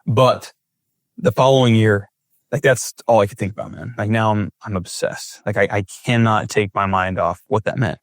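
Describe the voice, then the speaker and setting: A young Californian big wave surfer tells stories as a podcast guest, vividly acting out his own thoughts as he recounts his experiences. His lowish voice keeps a steady tone at a moderate pace, recorded in studio quality with no room sound.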